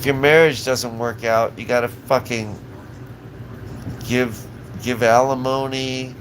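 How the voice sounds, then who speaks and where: A man streams live, ranting in a profane, agitated voice. He rambles and restarts his sentences constantly, his pitch sitting in a plain middle range for a man. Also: steady tone, slow pace, fairly bright tone, a little hiss or hum, low-quality recording. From Southern California.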